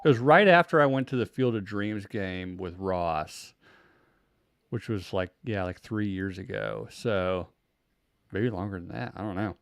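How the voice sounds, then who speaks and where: Male podcast host, 30s, low voice, dry close sound, rambling and self-interrupting. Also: unhurried, gravelly, no room sound. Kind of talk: casual chat. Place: home room.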